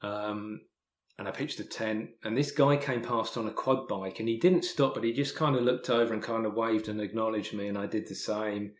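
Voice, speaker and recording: An English man, a podcast guest, telling a story in casual talk, halting with many restarts and repeated words. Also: fairly low pitch, fairly even intonation, echoey room. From England. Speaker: podcast guest, hiker and author.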